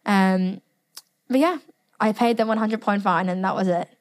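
A young British woman telling a story in a casual monologue as podcast host, animated and swearing freely with chatty asides. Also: medium pitch, moderate pace.

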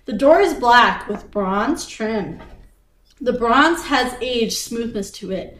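A woman reads a spooky gamebook aloud for her co-host, casually storytelling in a somewhat high, bright voice. She's animated, takes it slowly and often pauses to laugh or chat. The recording is roomy and echoey, with the mic a little way off.

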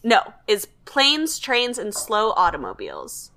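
A woman's voice: medium pitch, huge pitch swings, unhurried, creaky, pushed and bright. A young woman co-hosting a podcast, recapping a TV show in a matter-of-fact way with dry asides. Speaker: podcast co-host. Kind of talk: casual chat recapping a TV show.

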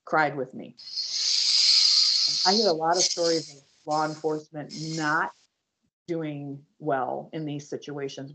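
A woman guest on a podcast, earnestly telling her personal story with halting restarts and speaking straight to her listeners. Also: low voice. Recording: dull lo-fi audio.

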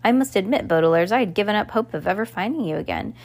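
A woman's voice: medium pitch, expressive, fast talker, gravelly, darkish tone. A woman reading aloud and voicing a pompous, coughing middle-aged male banker who scolds and sputters. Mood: scolding. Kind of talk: audiobook character voice.

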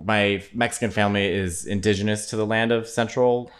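A man, a comedian guest, chatting casually in an interview and telling animated stories. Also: fairly quick. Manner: animated storyteller, high-pitched laughing put-on voices in quotes.

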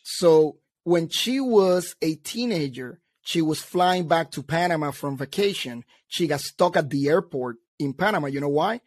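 Animated man telling army stories. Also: on the high side, unhurried, hardly any pauses, no echo. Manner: animated storyteller, quotes people in voices. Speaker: veteran guest. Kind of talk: casual chat.

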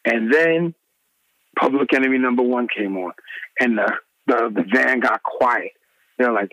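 A middle-aged man, a former radio DJ, telling animated stories in an interview and acting out the people he quotes. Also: unhurried, pauses often, dry recording, low-quality recording. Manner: acts out quoted people with big pitch swings.

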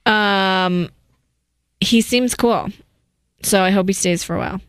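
A young woman co-hosting a casual podcast chat. She rambles and restarts, with filler words everywhere. Her voice sits at a middle pitch, recorded dry and close. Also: a little slow, clean tone, no echo. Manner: chatty, lots of likes and restarts. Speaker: podcast co-host.

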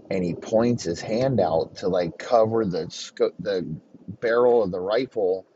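A man improvising a profane comic story in a deadpan narrating manner. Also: deep voice, a little slow, slight background noise. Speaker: comedy podcast host. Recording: muffled lo-fi recording.

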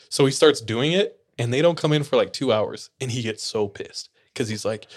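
Young man, casual podcast chat, lively storyteller, laughs a lot. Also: medium pitch, normal speed. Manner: animated storyteller, laughs often. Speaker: podcast co-host.

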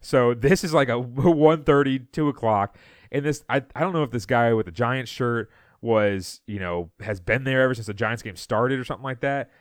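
A man co-hosting a podcast, telling a story in casual chat and acting out loud quotes, with many fillers. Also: mid-range voice, moderate pace, no room sound, clean studio sound. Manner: animated storyteller, acts out shouted quotes. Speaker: podcast co-host.

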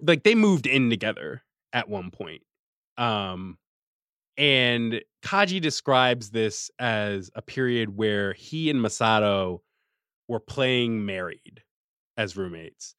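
A man co-hosting a podcast in casual chat, animated and laughing often, recapping episodes on a close mic. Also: medium pitch, no echo. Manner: animated, laughing, slips into quick character voices. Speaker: podcast co-host recapping an anime.

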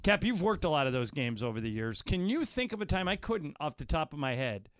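A man hosts a sports talk radio show, moving easily between chat and introducing segments. His voice sits a little high and sounds dry and close to the mic. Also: very animated, brisk, fairly bright tone, clean tone, no room sound. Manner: conversational, leads segments.

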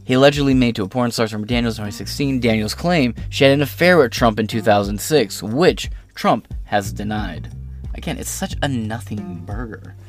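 A man with a mid-range, expressive voice hosts an online political commentary show at a brisk pace, with faint music in the background. He reads news articles aloud and keeps breaking off into rambling, profane, sarcastic asides.

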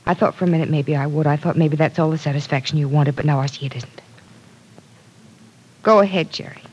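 A captive heroine, breathy and afraid. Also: female voice, sits low, a little fast, a little mellow, low-quality recording. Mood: fearful defiance. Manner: pleading, then steely and defiant. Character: frightened but defiant young woman held captive. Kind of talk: 1940s radio drama acting.

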